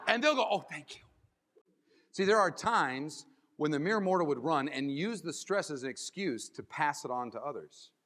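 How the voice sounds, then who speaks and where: A man giving a keynote as a motivational speaker, animated and acting out little scenes and voices. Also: on the high side, moderate pace, long reverb tail. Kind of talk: keynote speech. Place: large conference hall.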